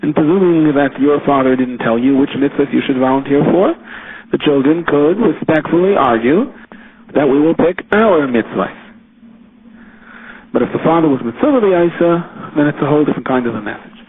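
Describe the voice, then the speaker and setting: A man lecturing as a rabbi, his voice set a touch high for a man. He explains step by step and lifts his pitch when he gives examples. The sound is thin and phone-like, with faint hiss behind him. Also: normal speed. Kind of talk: Torah lecture. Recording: tinny phone-line recording with faint hiss.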